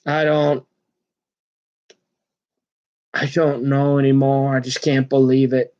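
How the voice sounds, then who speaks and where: A man's voice: medium pitch, flat delivery, slow pace, a little mellow, muffled recording. A man talking in a rambling personal monologue, earnest and agitated, stumbling over his words and restarting often. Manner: earnest and agitated, jumps between topics.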